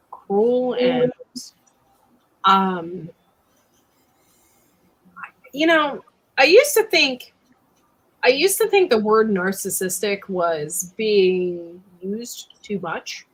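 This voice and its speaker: A woman's voice: medium pitch, husky, low-quality recording. Woman in her thirties hosting a casual chat. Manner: relaxed, reacts briefly and reads out viewer comments. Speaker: host of a talk livestream.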